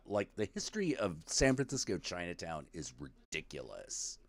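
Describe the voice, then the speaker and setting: A man's voice: deep voice, normal speed, few pauses, no room sound. A man hosting a stream, ranting casually and swearing a lot. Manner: profane, animated, ranting. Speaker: stream host.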